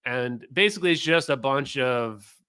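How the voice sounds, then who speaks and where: A man's voice: mid-range voice, animated, moderate pace, bright, forceful tone, clear, resonant tone. A man hosting a livestream, reacting to a clip in a mocking, profane way and talking to his chat. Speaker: streamer host.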